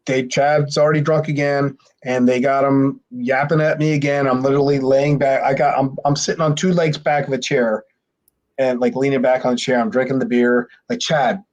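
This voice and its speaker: A man's voice: medium pitch, a little fast. A man in his forties, a former pro wrestler and podcast guest, telling a rowdy story with swearing and acted-out dialogue. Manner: profane, animated, acts out quoted dialogue, restarts often. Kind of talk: casual storytelling.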